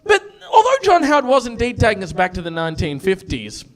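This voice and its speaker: A high, bright-voiced man doing stand-up on a club stage, bursting into loud, theatrical rants. His pitch leaps all over as he jokes with the crowd. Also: fast. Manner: loud, excitable, theatrical outbursts. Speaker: stand-up comedian and compere. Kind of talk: stand-up comedy.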